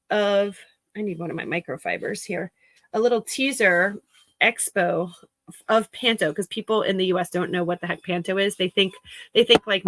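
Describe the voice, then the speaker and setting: A chatty woman in her thirties talks with her viewers while she sorts items for resale. She giggles often, leans on fillers and greets people by name, at a middle pitch, and the recording sounds close and dry. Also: sharp tone, dry recording, low-quality recording. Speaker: reseller chatting with livestream viewers. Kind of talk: casual livestream chat while working.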